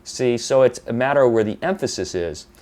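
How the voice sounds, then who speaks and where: A man's voice: mid-range voice, animated, brisk, darkish tone. A man teaching guitar, explaining rhythm patiently, counting beats aloud and now and then correcting himself. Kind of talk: guitar tutorial. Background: electric guitar playing.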